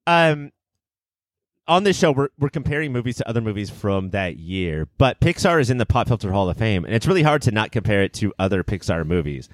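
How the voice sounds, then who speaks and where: A man's voice: on the low side, very animated, fairly quick, no echo, clean studio sound. A man hosting a casual movie podcast, boisterous and theatrical, swearing freely as he riffs. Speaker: podcast host.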